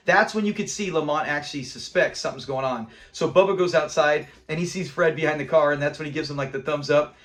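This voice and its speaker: High-voiced man reviewing an old sitcom. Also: quick pace, few pauses. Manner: animated, retells scenes, acting out characters' lines. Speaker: host of a sitcom review channel. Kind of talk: casual episode review commentary.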